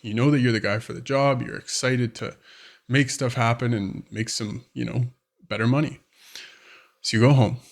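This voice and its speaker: Gravelly and medium-pitched, a man's voice carries a casual direct-to-camera advice vlog. As a relationship coach, he keeps it conversational and plays out daily scenarios, voicing the people in them.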